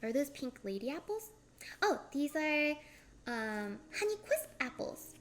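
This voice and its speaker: Bubbly high-voiced woman chatting while cooking. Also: very animated, measured pace, a little hiss or hum. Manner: bubbly, giggly, talks to chat while cooking. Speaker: cooking streamer. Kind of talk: casual cooking stream chat.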